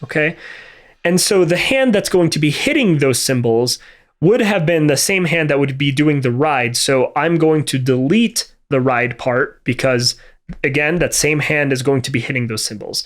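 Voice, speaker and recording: Man, tutorial instructor, methodical, fillers and restarts, a touch high-pitched. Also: normal speed. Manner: methodical, thinks aloud, frequent fillers and restarts. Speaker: music production instructor. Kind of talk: screen-recorded tutorial. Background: drum and music playback between remarks.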